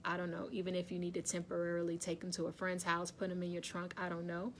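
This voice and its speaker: A woman's voice: on the low side, monotone, fast talker, a little hiss or hum. Chatty woman hosting a live stream. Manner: chatty, laughs often, greets commenters by name. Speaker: wellness livestream host. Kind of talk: casual live-stream chat with viewers. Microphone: phone or webcam facing her.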